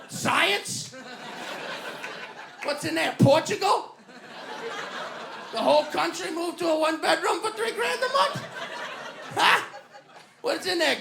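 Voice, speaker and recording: A man playing a cranky, indignant old New Yorker who yells scornful questions. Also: very high voice, creaky, roomy sound, pitched above the performer's own voice, heavily acted. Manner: yelling, scornful, incredulous rants.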